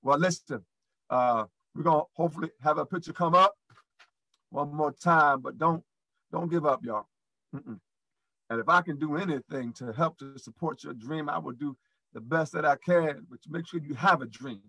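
A man's voice: fairly high pitch, moderate pace, sharp tone, breathy edge, no room sound, poor audio. A man hosting a live motivational show, speaking in a preachy, repeating, encouraging way to his audience. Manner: preachy, repetitive encouragement, addresses audience as y'all. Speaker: host.

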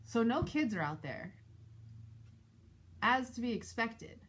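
A woman vlogger and mother telling a personal story in a casual, animated, exasperated way. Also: slow, slightly rough. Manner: animated, exasperated retelling with shifting pitch. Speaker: parent of school-age kids.

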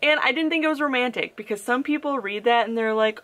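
A young woman chatting on her book vlog about a novel she disliked. Her pitch sits mid-range but swings up and down a lot as she gets worked up. She talks in a casual, opinionated way, full of "like" and little asides. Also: brisk. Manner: animated, opinionated, frequent "like" fillers and laughs. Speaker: book vlogger. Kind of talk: casual book review chat.

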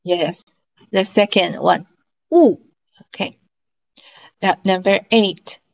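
A woman teaching an online language class, slowly and patiently drilling syllables and tones for her students to repeat. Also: medium pitch, vocal fry, low-quality recording.

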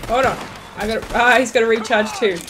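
A young woman giving casual let's-play commentary as a gaming streamer, excitable and quick to exclaim and laugh. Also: a little high, noisy background.

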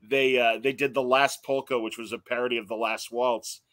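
A man's voice: mid-range voice, level tone, moderate pace, fairly bright tone, dry recording. A man hosting an interview podcast in a genial, casual way, with plenty of uh fillers.

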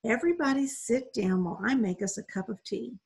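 A woman reading aloud and voicing a small, skinny, slightly deaf older wife who sighs and calmly takes charge. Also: on the high side, fairly quick, vocal fry. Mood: soothing. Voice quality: sighing, soothing. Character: small skinny old wife, bossy, calm.

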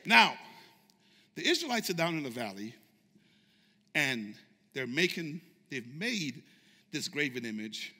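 Fervent, shouting pastor in an echoing sanctuary. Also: male voice, a little high, very animated, measured pace, pauses often. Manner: fervent preaching, shouting, call-and-response with congregation. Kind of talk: sermon. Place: church sanctuary. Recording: echoey church sanctuary reverb.

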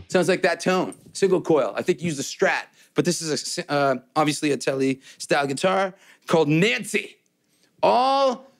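A man's voice: fairly high pitch, creaky. A man talking through a guitar demo in a loose, joking way. He rambles, backtracks and restarts his sentences, dropping fillers and wisecracks as he goes. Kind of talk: casual gear demo chat.

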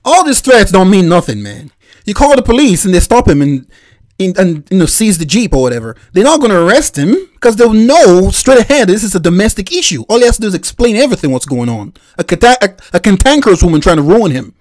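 A man's voice: sits high, big pitch swings, fast, a little mellow, no room sound, clean studio sound. A man from Nigeria hosting a reaction video, giving opinionated, lecturing commentary on a clip.

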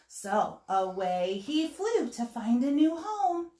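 A woman teacher reading a picture book aloud to children in an animated way, stopping to ask her listeners questions. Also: high-pitched, slow. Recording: echoey room.

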